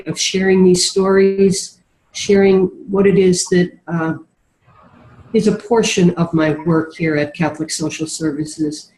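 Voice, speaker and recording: A woman speaking over a video call from an office, earnest and sincere, her voice nasal from a sinus infection, with frequent ums and restarts. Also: fairly low pitch. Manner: earnest, warm-hearted, with many ums and restarts. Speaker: guest speaker, refugee services worker. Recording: echoey video call audio.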